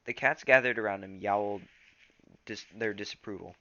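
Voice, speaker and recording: A man's voice: fairly low pitch, normal speed, bright, forceful tone, dull audio. A man reading a storybook aloud in a casual way, stumbling over words now and then. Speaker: reader.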